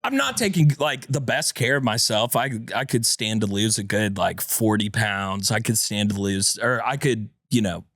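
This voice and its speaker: A man co-hosting a podcast with a congested chest, telling a story in casual chat and acting out quotes in a shrill voice. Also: animated, moderate pace, hardly any pauses, a bit bright, no echo, clean studio sound. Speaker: podcast co-host.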